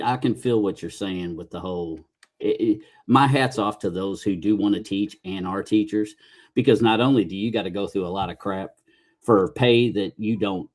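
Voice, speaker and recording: Folksy, low-voiced podcast host. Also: male voice, darkish tone. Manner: rambling, folksy storytelling with frequent restarts and mild cursing. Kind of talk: casual podcast chat.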